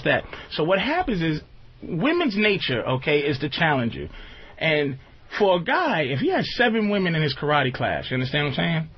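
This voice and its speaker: A man's voice: on the high side, breathy edge. A man hosting a radio show, talking loosely and at length about dating with frequent asides. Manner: loose, rambling, conversational. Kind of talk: comedic relationship talk on radio. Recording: dull lo-fi radio broadcast.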